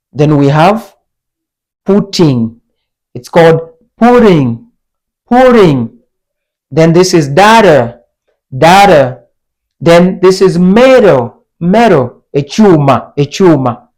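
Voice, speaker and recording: Slow-talking man teaching words. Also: fairly high pitch, darkish tone. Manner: slow, repeats words for learners to copy. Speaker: language teacher. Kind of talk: online language lesson.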